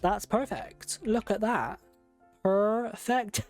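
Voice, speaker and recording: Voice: medium pitch, moderate pace, gravelly, darkish tone, soft background music. A game streamer, chatting casually and thinking aloud while decorating a room in a game. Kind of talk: casual gameplay commentary.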